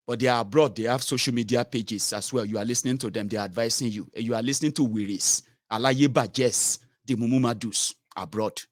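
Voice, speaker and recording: A man's voice: medium pitch, no echo, studio quality. Scornful Nigerian man ranting. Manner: scornful, mocking, repeats insults. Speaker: political commentator. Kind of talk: opinion vlog rant.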